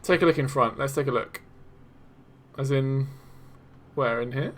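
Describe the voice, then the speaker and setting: A young man hosts a live developer stream, reacting excitedly to community builds while he plays and talks to chat. His voice is medium-pitched and unhurried.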